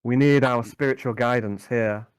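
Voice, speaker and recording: A man voicing a measured, formal male inquisitor giving orders in a tabletop game. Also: medium pitch, steady tone, clear, resonant tone, no room sound, natural voice. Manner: formal, deliberate speech.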